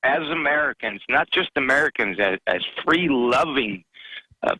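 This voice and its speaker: A man's voice: medium pitch, expressive, pushed and bright, dry recording, low-quality recording. A man calling in to a talk radio show, a truck driver speaking earnestly and with passion, stumbling over his words. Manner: earnest, impassioned, halting.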